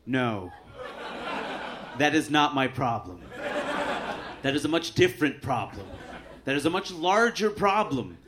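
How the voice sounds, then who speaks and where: A man doing a stand-up set on a club stage with a handheld mic, dry and deadpan, putting on quick voices for his bits. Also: medium pitch. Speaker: stand-up comedian. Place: comedy club stage with audience laughter. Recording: live club recording with clear audience noise.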